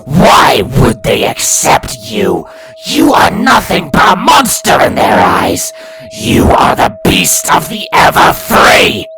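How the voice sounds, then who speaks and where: A man's voice: deep voice, very animated, measured pace, a bit bright, faint music behind, heavily acted. A man voicing a sinister male inner voice that taunts and accuses the narrator in a storybook reading. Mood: accusing.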